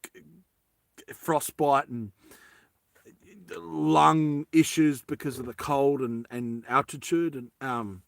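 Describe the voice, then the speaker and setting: A man's voice: mid-range voice, steady tone, slow pace, vocal fry, pauses often, no echo. A young man casually telling a comic story, rambling and laughing at his own ideas.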